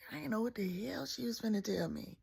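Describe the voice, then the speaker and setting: A woman's voice: a little high, animated, fast, gravelly, a little mellow, breathy edge. A young woman from Mississippi, telling a personal story in a candid, emphatic way.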